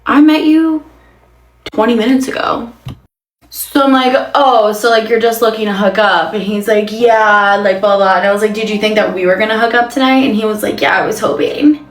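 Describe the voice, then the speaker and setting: A young woman casually telling a dating story in an exasperated, animated way, full of fillers. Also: medium pitch, moderate pace, echoey room.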